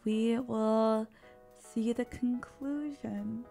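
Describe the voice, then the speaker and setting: A woman's voice: fairly high pitch, steady tone, very slow, vocal fry, mellow, soft background music. A woman hosting a casual reaction video, exclaiming, laughing and talking back to the screen. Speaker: host reacting to a cartoon. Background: faint cartoon audio underneath.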